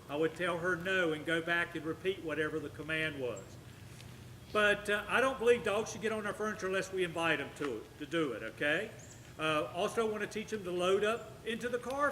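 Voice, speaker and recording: A man, a dog trainer explaining commands while working with a dog, switching to soft praise for the dog. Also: sits high. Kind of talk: casual demonstration. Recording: faint background noise.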